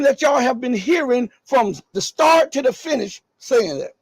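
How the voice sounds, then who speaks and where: A middle-aged man with a scratchy, raspy voice, giving emphatic live news commentary full of rhetorical questions. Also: very high voice, expressive, a little slow, no echo.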